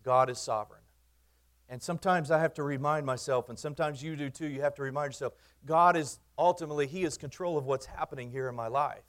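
A man, a pastor preaching in his church, earnest, repeating phrases for emphasis and swinging from loud to quiet. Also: a little high, fast talker. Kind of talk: sermon.

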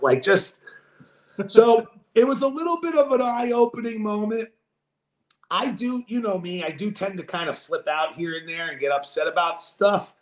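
Man, podcast co-host, casual chat, profane animated storytelling, high lively voice, echoey room. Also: moderate pace.

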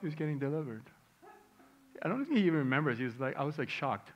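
A man's voice: fairly high pitch, sing-song, fast, highs cut off. Emotional man preaching a sermon. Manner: emotional storytelling, swings from hushed to loud. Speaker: pastor.

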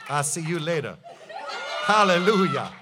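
Brief: high-pitched male pastor, fiery preaching, lots of rhetorical questions. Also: lively intonation, measured pace, crowd noise, noisy background. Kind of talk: sermon.

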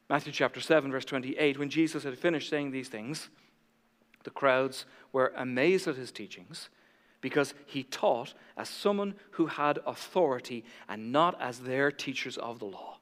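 A man preaching a sermon, animated and conversational, acting out the voices of his listeners. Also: on the high side, normal speed, big-room sound. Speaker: pastor.

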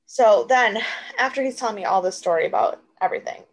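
A woman's voice: medium pitch, fast talker, poor audio. A young woman co-hosting a casual podcast, chatting and telling stories with lots of fillers. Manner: chatty storyteller, many fillers. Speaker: podcast co-host. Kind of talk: casual chat.

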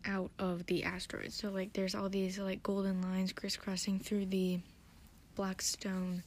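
A woman's voice: mid-range voice, monotone, unhurried, a little mellow. A tired woman hosting a podcast, recapping an episode in a rambling, hesitant, self-deprecating way. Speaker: podcast host.

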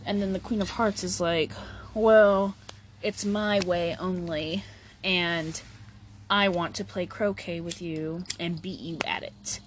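Slow, easygoing woman host. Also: lowish voice, steady tone, fairly bright tone, slight background noise. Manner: slangy, swears, many "like" fillers. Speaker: podcast host. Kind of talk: casual storytelling.

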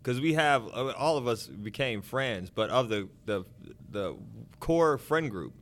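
Lively animated podcast host. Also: male voice, medium pitch, measured pace, a little hiss or hum. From Ohio. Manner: animated storytelling, laughs often. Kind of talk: casual podcast chat.

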